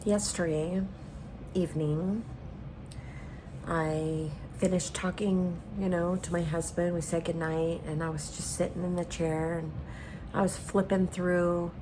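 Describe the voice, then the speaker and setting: A woman's voice: lowish voice, level tone, unhurried, noisy background. A woman cooking in her home kitchen and telling a personal story in an earnest, casual way. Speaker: cooking vlogger. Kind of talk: casual chat while cooking.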